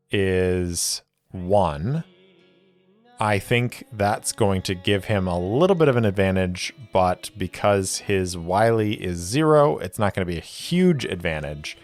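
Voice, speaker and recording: A man narrating a solo tabletop role-play as game master, in a measured, deliberate storytelling manner. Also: low voice. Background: faint music.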